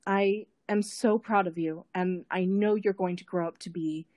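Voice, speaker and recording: A woman voicing a loving, proud mother saying goodbye to her grown child, speaking gently and stumbling over repeated words. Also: fairly low pitch, steady tone, no room sound, lightly acted. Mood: tender. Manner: gentle, a little halting with repeats.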